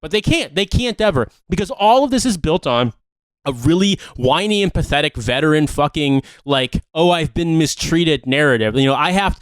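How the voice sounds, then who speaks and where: A man's voice: on the high side, fairly bright tone, no echo. A man co-hosting a podcast in casual chat, ranting in a heated, profane way. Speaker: podcast co-host.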